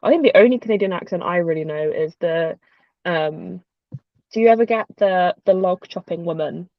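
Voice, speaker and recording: A woman's voice: lowish voice, moderate pace, dry recording, muffled recording. A British woman hosting a casual livestream chat, rambling and chatty with frequent ums. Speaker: host.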